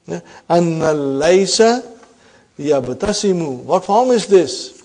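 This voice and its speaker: Teacher quizzing his class, mellow voice. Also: fairly high pitch, lively intonation, slow pace. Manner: explains and quizzes students with frequent "huh?". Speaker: Arabic teacher. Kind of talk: classroom grammar lesson.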